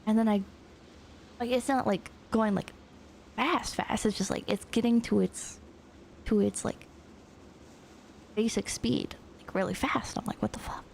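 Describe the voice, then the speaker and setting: A woman streamer telling a story in a rambling, animated way with casual swearing. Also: a little high, a little slow, gravelly, pauses often, a little hiss or hum.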